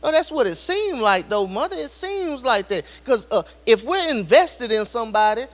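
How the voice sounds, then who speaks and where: A man's voice: extremely high pitch, very animated, normal speed, a bit bright. A man preaching a sermon in a church, addressing the congregation directly with repeated rhetorical questions. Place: church sanctuary. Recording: long church hall reverb.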